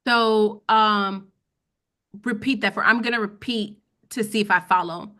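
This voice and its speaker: A woman's voice: medium pitch, steady tone, measured pace, bright, forceful tone. A woman teaching a casual webinar on finance, chatting with her audience and often checking in with "okay?". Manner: conversational, repeats "okay?" to check in. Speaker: financial educator.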